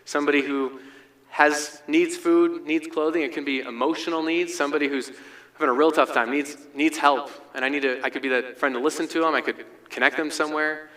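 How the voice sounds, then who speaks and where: A pastor preaching a sermon in a relaxed, conversational way, often checking in with "right?". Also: male voice, a little high. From United States. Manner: conversational, frequent "right?" asides.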